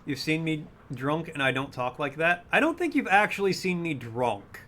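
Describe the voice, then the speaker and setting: A man's voice: on the high side, very animated, normal speed, pushed and bright. Chatty young man streaming a game. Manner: chatty, self-amused, thinks aloud. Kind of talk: casual let's-play chat.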